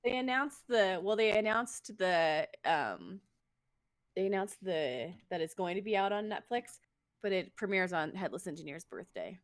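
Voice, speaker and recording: A woman co-hosting a podcast in casual chat, talkative and quick to laugh at her own slips. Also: mid-range voice, expressive, dry recording. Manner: chatty, laughs at herself, quick restarts. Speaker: podcast co-host.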